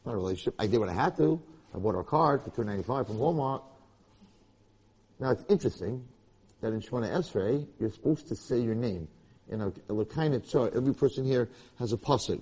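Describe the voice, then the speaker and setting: A man giving a Torah lecture to a live audience, telling stories with animated, rising emphasis. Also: medium pitch, breathy edge. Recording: lecture hall with long reverb.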